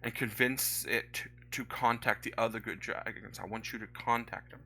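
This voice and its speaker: A man voicing Maxine, a worried middle-aged woman at an inn who speaks in a soft, earnest way. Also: mid-range voice, fairly even intonation, moderate pace, breathy edge, rough recording.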